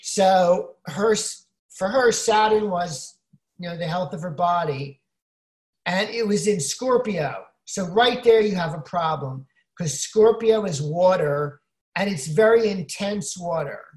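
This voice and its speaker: Brief: woman co-host, lowish voice, explanatory chat manner, roomy echo. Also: takes it slowly, a little mellow. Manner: explanatory, frequent "you know" fillers. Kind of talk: casual chat, explaining astrology.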